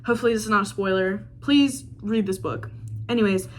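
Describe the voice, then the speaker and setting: A woman's voice: mid-range voice, a little fast, slight background noise. A young woman book vlogger recapping a fantasy novel in casual, gushing chat full of fillers. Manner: gushing, chatty, full of "like" and "literally". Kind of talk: casual reading vlog chat.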